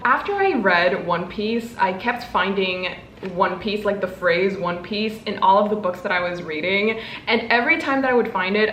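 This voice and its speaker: A woman in her twenties, a book vlogger, gushing and gasping with excitement as she unboxes gifts. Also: medium pitch, reverberant, a little hiss or hum.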